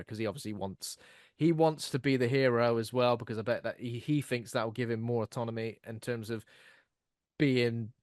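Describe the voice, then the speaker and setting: A man's voice: medium pitch, normal speed, dry recording, clean studio sound. Man retelling a film scene. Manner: animated retelling, acts out lines. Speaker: podcast co-host. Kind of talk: casual film discussion.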